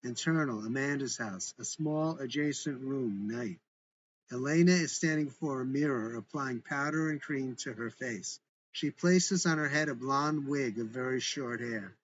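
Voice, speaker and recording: A man's voice: mid-range voice, normal speed, highs cut off. A man reading a script aloud with stage directions in a plain, matter-of-fact way. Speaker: narrator and author.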